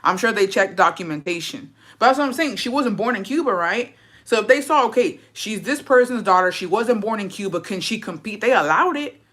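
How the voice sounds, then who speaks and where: A woman's voice: mid-range voice, expressive, fairly quick, a bit bright. A young woman hosting a casual gossip chat, ranting with plenty of swearing and rhetorical questions. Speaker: host.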